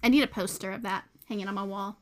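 A woman's voice: medium pitch, steady tone, quick pace. A woman with a Southern US accent, co-hosting a casual movie podcast in a rambling, gushing, giggly way. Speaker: podcast co-host.

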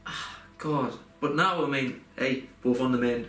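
A bit slow yet with hardly any pauses, a young man with a medium, slightly bright voice shares a personal story in a rambling, heartfelt way, stumbling through fillers and restarts. The casual podcast chat is recorded with roomy echo and faint noise.

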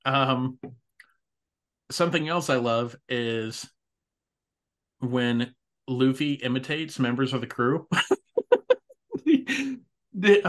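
A man's voice: mid-range voice, fairly bright tone. A man hosting a casual anime recap podcast, laughing often and swearing casually. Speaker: podcast host.

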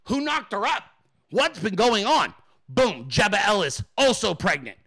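A man hosting his show, swearing constantly and pitching ideas in an excited, rapid-fire comedic rant. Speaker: show host.

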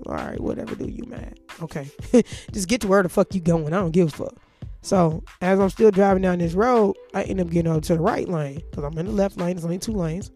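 A woman's voice: on the low side, mellow. A woman telling a story in casual, profanity-heavy speech.

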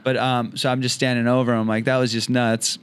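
Comedian man, animated storyteller, casual and profane. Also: mid-range voice, a little fast, a little hiss or hum. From Orange County, California. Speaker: comedian guest.

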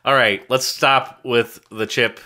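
A man's voice: mid-range voice, fairly even intonation, slow, pushed and bright. A man co-hosting a casual chat, joking and riffing on silly ideas, who also runs the ratings. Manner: jokey, riffs on silly ideas. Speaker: podcast co-host.

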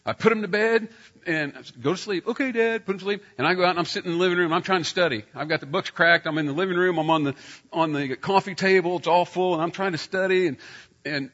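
A middle-aged man preaching a sermon, telling a personal story and getting loud when he acts out scenes. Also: high-pitched, fast talker, lo-fi sound.

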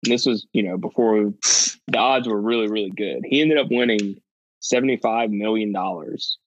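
A man's voice: fairly low pitch, moderate pace, highs cut off. A man co-hosting a podcast, telling a story in rambling casual chat full of restarts. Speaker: podcast co-host.

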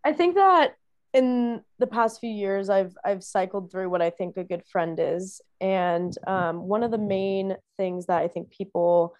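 A woman's voice: medium pitch, unhurried, darkish tone. A young woman talking casually as a guest, rambling with many restarts and fillers. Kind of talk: casual conversation.

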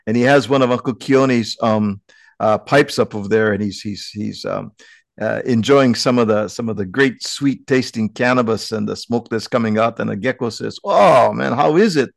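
Host, male, gravelly and easygoing, joke-telling on a video call, dry close sound. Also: fairly low pitch, fairly even intonation, moderate pace, dry recording. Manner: easygoing, laughing, local pidgin-flavored phrasing. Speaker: host of a virtual community gathering. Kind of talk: casual chat and joke storytelling.

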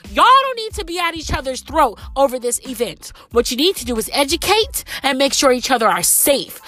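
A woman's voice: sits high, bright, forceful tone. Profane woman driver ranting, stuffy-nosed. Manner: profane, emphatic, lecturing. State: stuffy nose from a cold. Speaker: rideshare driver. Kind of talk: casual ranting vlog.

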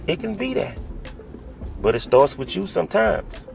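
A man's voice: sits high, big pitch swings, normal speed, vocal fry, pauses often, a little mellow, faint music behind. A man, a rideshare driver, lecturing passengers straight to camera and often asking if they understand. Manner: lecturing, scolding, keeps asking "you understand?". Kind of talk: direct-to-camera advice monologue.

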